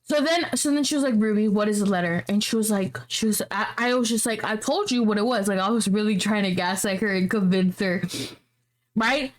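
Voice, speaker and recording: A woman's voice: medium pitch, fairly quick. A young woman co-hosting a podcast, retelling a story in a casual, slangy, swearing way. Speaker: podcast co-host.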